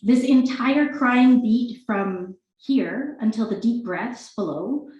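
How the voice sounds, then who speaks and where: A woman's voice: on the high side, takes it slowly, darkish tone, highs cut off. Chatty woman reading in an echoey room. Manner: chatty, self-deprecating, laughing between lines. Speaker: author reading her work. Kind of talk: live reading at a book launch. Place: bookstore event room indoors.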